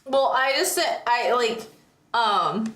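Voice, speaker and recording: A woman's voice: a little high, slow, a bit bright. A young adult woman on a stream, chatting casually with plenty of laughing, slang and filler words. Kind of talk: casual chat. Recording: echoey room.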